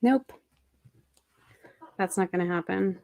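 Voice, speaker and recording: A woman's voice: mid-range voice, slow, gravelly, warm tone. A young woman chatting casually with her viewers on a livestream from home, rambling and talking to them by name. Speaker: livestream host.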